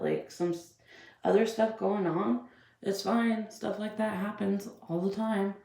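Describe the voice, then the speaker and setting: A fired-up woman with a drawl vents in a blunt, profane rant. Her voice sits low with a rough, gravelly fry. The sound bounces around an echoey room. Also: darkish tone. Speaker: vlogger. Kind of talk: ranting commentary.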